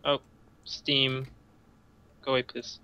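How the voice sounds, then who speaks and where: A co-op player chatting casually during a game, making dry, deadpan quips. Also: medium pitch, slow, clean tone, highs cut off. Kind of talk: casual gameplay chat.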